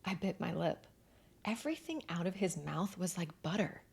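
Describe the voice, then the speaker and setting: A woman narrating a first-person romance novel in an expressive, animated way with breathy asides. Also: fairly low pitch, normal speed. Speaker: audiobook narrator.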